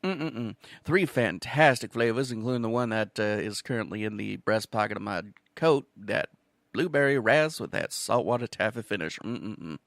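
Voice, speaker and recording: A man's voice: fairly low pitch, normal speed, gravelly, a bit bright, no echo, clean studio sound. Profane, rambling male cooking-show host. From Wisconsin. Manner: profane, jokey, self-mocking, prone to laughing and stammering. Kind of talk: casual rambling monologue.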